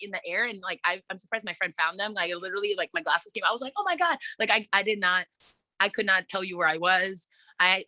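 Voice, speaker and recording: A woman hosting a casual wrestling podcast, excitable and swearing often, acting out her own reactions as she tells a story. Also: medium pitch, no room sound. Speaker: podcast host.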